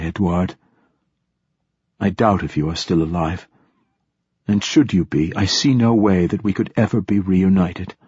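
A man giving a measured, solemn first-person narration for an audiobook, with a dull, muffled recording. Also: deep voice, slightly rough, no room sound.

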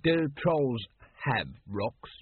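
A man voicing a weary, hesitant middle-aged watch captain, speaking slowly and carefully. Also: mid-range voice, lively intonation, breathy edge, exaggerated voice. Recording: phone-like narrow band.

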